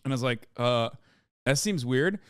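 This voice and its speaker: A man casually telling a story on a podcast, animated and swearing freely, acting out the people in it. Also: medium pitch, normal speed, clean tone, no echo, clean studio sound. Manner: animated, swears, acts out quoted officials.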